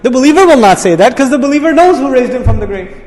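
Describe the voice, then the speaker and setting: Male Quran teacher, quick delivery, repeats key points, roomy lecture-hall echo. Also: extremely high pitch. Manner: energetic explaining, repeats key words. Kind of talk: lecture on Quranic word meanings. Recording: echoey hall reverb.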